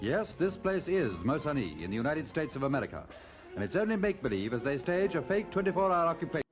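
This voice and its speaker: A man's voice: on the high side, very animated, quick pace. A man narrating an old newsreel in a dramatic, clipped announcer delivery. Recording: dull old newsreel audio with music.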